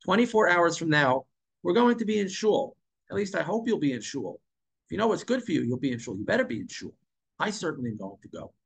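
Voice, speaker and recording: A man's voice: a little high, very animated, quick pace, creaky, husky. A man telling a story in a casual monologue, emphatic, repeating and stumbling over words at times. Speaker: online commentator.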